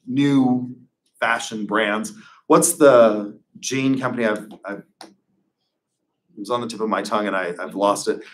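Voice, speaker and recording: A man's voice: fairly low pitch, fairly bright tone, slight background noise. A man giving a conversational classroom lecture as a professor, full of wry, digressive asides.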